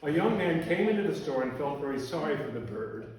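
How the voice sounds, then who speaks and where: A man reading a humorous account to a live audience in a dry, deadpan way. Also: on the high side, fairly quick. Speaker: storyteller. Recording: echoey room from a distance.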